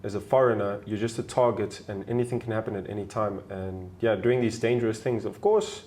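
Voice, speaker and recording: Here a young man from South Africa, who creates travel videos, talks briskly in a fairly low register. As an interview guest, he spins casual, animated stories and mimics the voices of the people involved.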